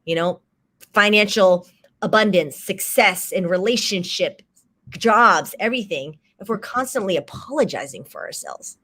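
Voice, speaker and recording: A woman's voice: medium pitch, moderate pace. A woman guest chatting casually, animatedly acting out little quoted exchanges as she explains her point. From grew up in a Chinese cultural setting. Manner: animated, acts out quoted phrases. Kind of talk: casual conversational chat.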